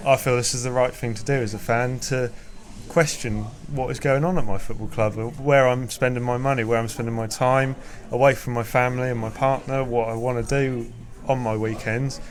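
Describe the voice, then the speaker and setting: A man's voice: medium pitch, steady tone, normal speed, hardly any pauses. An English man speaking as a fan guest, ranting passionately and swearing. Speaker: fan guest, protest organiser.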